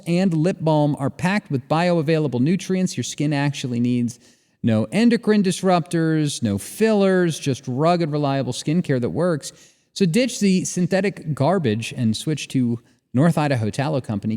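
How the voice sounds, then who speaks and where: Lively man reading ads in a reverberant room. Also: fairly high pitch, a little slow. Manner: lively, joking, drawls ad reads with fillers. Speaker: podcast co-host. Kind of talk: casual chat and read ads.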